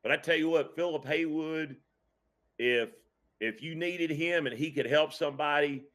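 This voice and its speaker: A man who coaches high school football, speaking casually on a podcast, reflective and earnest, often restarting his sentences. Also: moderate pace, fairly bright tone. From Kentucky.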